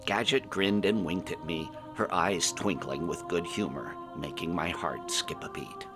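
A man's voice: low-pitched, normal speed, few pauses, music in the background. A man narrating a fantasy adventure in the first person, reading it aloud expressively. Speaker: storyteller.

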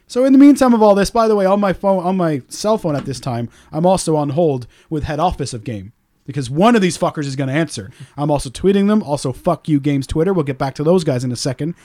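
Fast sweary podcast guy ranting about a store, acts out everyone. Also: fairly high pitch. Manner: swearing, animated, acts out other people's lines. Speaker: podcast host. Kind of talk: casual storytelling rant.

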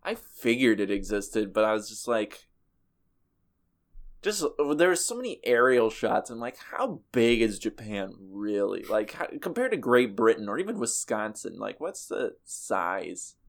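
A man's voice: lowish voice, big pitch swings, measured pace, gravelly. A man in casual podcast chat, laid-back and rambling, often laughing.

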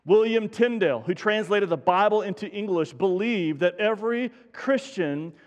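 A man's voice: sits high, moderate pace, long reverb tail, muffled recording. A man preaching a sermon as pastor, folksy and self-deprecating, with many restarts. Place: church sanctuary.

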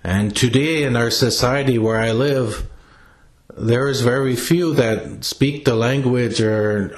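An older man, an elder, telling personal stories in a reflective, plain-spoken way with pauses and restarts. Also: on the low side. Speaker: elder sharing teachings.

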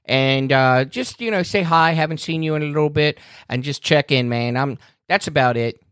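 A man's voice: on the high side, moderate pace, fairly bright tone, clear, resonant tone, no echo, studio quality. A man, a podcast regular, ranting in a fired-up, cursing way during a casual chat. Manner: fired up, ranting, swears freely.

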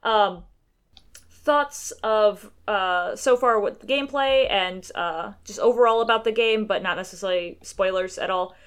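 Here is a woman co-hosting a laid-back podcast, her voice sitting at an ordinary pitch for a woman. She reads a listener's email aloud, loose and chatty, filling the gaps with lots of ums and uhs. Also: measured pace, clear, resonant tone. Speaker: podcast co-host. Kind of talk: casual chat.

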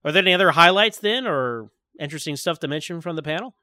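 A man's voice: on the high side, no room sound, clean studio sound. A man hosting a podcast, chatting casually and laughing often. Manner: animated, fast, laughs often. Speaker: podcast host. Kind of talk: casual chat.

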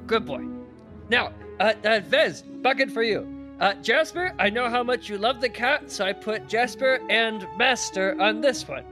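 High-pitched guy rambling in character, tripping over his words, music underneath. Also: measured pace. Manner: rambling, excitable, many restarts. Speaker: player. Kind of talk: tabletop role-play in character.

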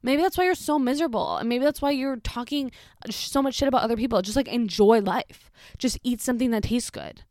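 A woman's voice: a little high, brisk, a little mellow, no echo, studio quality. A young woman ranting sarcastically as a commentary vlogger, swearing a lot and sounding exasperated as she reacts to posts. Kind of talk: profane reaction rant.

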